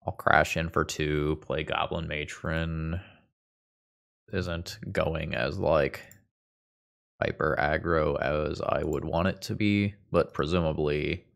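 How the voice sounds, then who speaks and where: A young man narrating his card game with a stuffed-up, congested sound. His voice sits very low and carries a gravelly fry. He thinks aloud, dropping dry, self-aware quips. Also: a bit bright. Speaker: Magic gameplay video host. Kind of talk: casual gameplay commentary.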